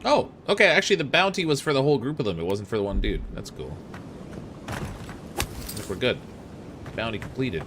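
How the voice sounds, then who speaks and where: Chatty, lively young male streamer. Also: mid-range voice, fast, hardly any pauses, noisy background. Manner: chatty, laughs at himself. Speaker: gaming streamer. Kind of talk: let's play commentary. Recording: game sounds behind voice. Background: game sound effects.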